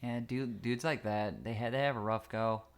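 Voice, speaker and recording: A man's voice: mid-range voice, steady tone, normal speed, clear, resonant tone. A man co-hosting a podcast, chatting casually in a laid-back, jokey way. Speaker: podcast co-host. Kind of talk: casual chat.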